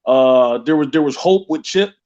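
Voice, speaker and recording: High-voiced man rambling over muffled audio. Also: moderate pace, darkish tone. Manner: rambling, repeats words and restarts often. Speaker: caller. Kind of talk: casual call-in chat.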